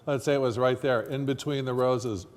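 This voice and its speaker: Man, floristry instructor, chatty coaching demonstration, quizzes students, mid pitch, long hall reverb. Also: steady tone, moderate pace. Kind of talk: hands-on demonstration lesson.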